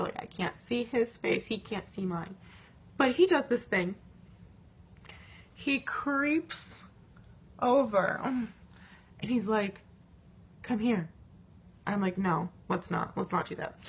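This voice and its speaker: A young woman rambles through a story for her camera, swearing freely and leaning on constant fillers. Her voice sits at a middling pitch. A faint hum runs under the recording. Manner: rambling, profane, full of "like" fillers. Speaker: vlogger.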